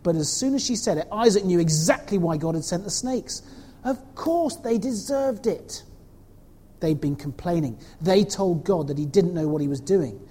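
A woman telling a story to children in an animated way, asking them questions as she goes. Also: lowish voice, normal speed, husky, in a large hall. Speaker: children's talk leader.

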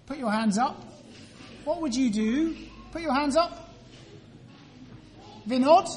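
A woman's voice: high voice, darkish tone. A woman leading a children's talk in church, asking the children questions and waiting for answers. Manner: slow, clear, deliberate. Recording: reverberant church room.

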